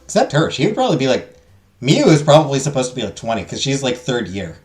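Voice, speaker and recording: A man's voice: mid-range voice, sing-song, fast talker, darkish tone, faint music behind. A man giving casual gameplay commentary, rambling and stammering, swearing and mocking himself. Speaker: gaming streamer.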